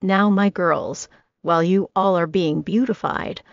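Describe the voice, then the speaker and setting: Woman reader as a domineering rich woman, low gravelly voice, condescending orders, storybook read. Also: measured pace, dry recording. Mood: commanding. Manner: commanding, condescending. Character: cold, domineering wealthy woman hostess. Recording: dry, slightly dull audio.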